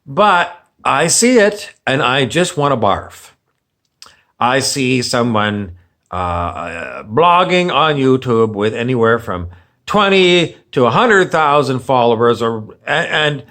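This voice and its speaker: A man's voice: medium pitch, very animated, slow, a bit bright. A man ranting on camera as a vlogger, sarcastic and meandering, often repeating himself. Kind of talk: rambling opinion rant.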